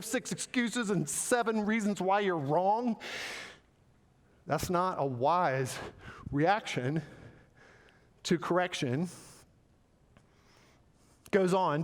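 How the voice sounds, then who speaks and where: A man preaching a sermon, animated and playful, acting out quoted voices with joking asides. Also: high-pitched, long reverb tail. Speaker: pastor. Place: church sanctuary.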